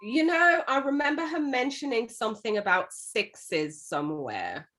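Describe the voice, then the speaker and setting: A woman's voice: a little high, animated, measured pace, a bit bright, a little hiss or hum. A woman co-hosting a casual podcast about a book, retelling it at length. She talks conversationally and keeps dropping in "you know" as she goes. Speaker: podcast co-host.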